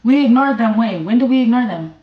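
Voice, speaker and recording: A woman's voice: on the high side, lively intonation, a little fast, highs cut off. A young woman streamer, ranting bluntly and defiantly, swearing and repeating herself. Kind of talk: livestream rant. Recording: echoey room with faint music.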